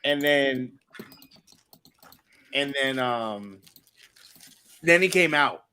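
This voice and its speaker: A man in a casual chat, recalling things excitedly and restarting his sentences. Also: mid-range voice, extremely slow, clear, resonant tone. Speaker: podcast co-host. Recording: faint background noise.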